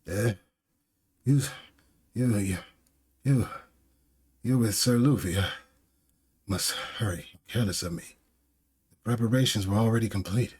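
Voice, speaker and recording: A man's voice: fairly low pitch, measured pace, long pauses, a little mellow, husky. A man voicing a stern, commanding older male warrior who speaks with urgency. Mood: urgent.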